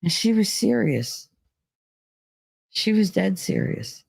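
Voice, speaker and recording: A woman's voice: mid-range voice, very animated, slow pace, vocal fry, darkish tone, breathy edge, dry recording. Woman rambling thru a story, lots of like and you know, dry close sound. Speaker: vlogger. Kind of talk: casual storytelling.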